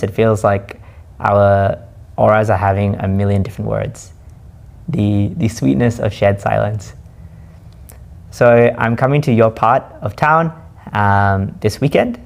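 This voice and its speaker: Guy with a gravelly voice thinking out loud, slow and reflective, asks himself stuff. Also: fairly low pitch. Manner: slow, musing, questions himself aloud. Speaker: host. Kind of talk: reflective spoken monologue.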